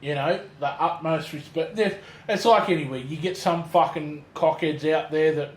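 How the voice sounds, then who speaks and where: Australian man, high voice, laid-back podcast chat, swears freely, echoey room, faint noise. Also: moderate pace. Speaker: podcast co-host. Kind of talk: casual chat.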